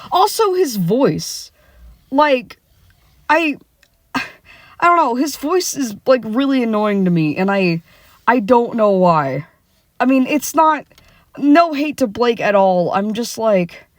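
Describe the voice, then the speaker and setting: A woman's voice: mid-range voice, dry recording, clean studio sound. A young woman ranting about a cartoon character from her car, heated and swearing, with many fillers and restarts. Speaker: vlogger. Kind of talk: casual opinion rant. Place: sitting in a car.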